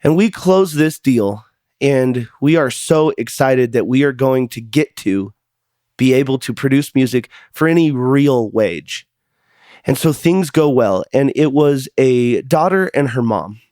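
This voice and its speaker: A man's voice: medium pitch, animated, measured pace, warm tone, no echo, studio quality. A man hosting a podcast, telling a personal story in an earnest, confessional way and sometimes repeating words as he goes. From United States. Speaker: podcast host.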